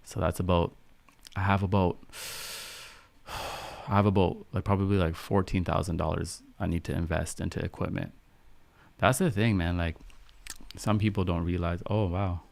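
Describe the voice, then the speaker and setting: A young man hosting a live-stream podcast, calm and soft-spoken, chatting with viewers in an unhurried way. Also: deep voice, gravelly, no room sound. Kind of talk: casual live-stream chat, answering viewer questions.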